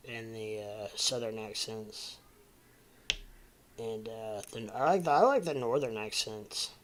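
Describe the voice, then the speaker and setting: A man's voice: fairly low pitch, a little slow, slight background noise. A man in his forties from the Midwest, rambling casually at home as host of a livestream and answering chat. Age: 40s.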